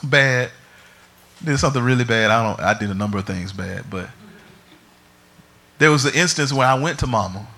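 A man pastor preaching a sermon in an animated, humorous storytelling manner. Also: medium pitch.

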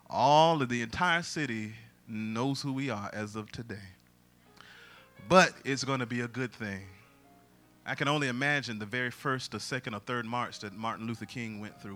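A man who is a pastor, preaching a sermon and breaking into loud song. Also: medium pitch. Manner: preaching with bursts of loud singing.

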